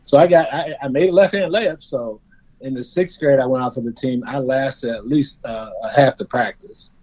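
A man from Indiana talks as a guest, spinning self-deprecating stories and chuckling between stumbling restarts. His voice sits at a middle pitch. The audio is slightly dull and lo-fi. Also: moderate pace, darkish tone. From Indiana, USA. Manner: self-deprecating, laughing storyteller with frequent restarts. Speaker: guest, former player. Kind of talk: storytelling in a conversation.

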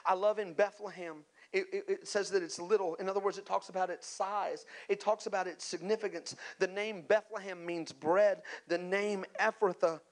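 A man's voice: sits high, fairly even intonation, normal speed, hardly any pauses. A man preaching a sermon, speaking emphatically with chatty asides and calling out to the congregation. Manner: conversational asides and repeated words. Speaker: pastor.

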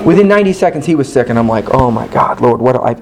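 A man preaching a sermon, telling a personal story in an animated, candid, self-mocking way and acting out his own past dialogue. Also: mid-range voice, fast talker, over a noisy crowd, low-quality recording.

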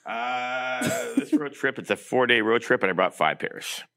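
A middle-aged man in a casual interview, telling stories quickly with plenty of fillers. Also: mid-range voice, gravelly. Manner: fast, animated storyteller with lots of fillers. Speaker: guest, keeper of a trophy.

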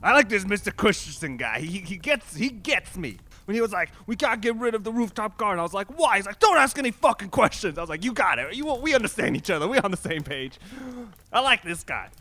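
A man playing a shady tenant hiding a meth lab in an improv comedy scene. He tells his story in a high, excitable voice and chuckles often. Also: fast talker, heavily acted.

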